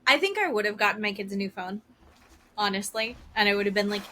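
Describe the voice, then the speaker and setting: A woman co-hosting a podcast, chatting casually and agreeably with quick asides. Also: mid-range voice, sharp tone, slight background noise. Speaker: podcast co-host.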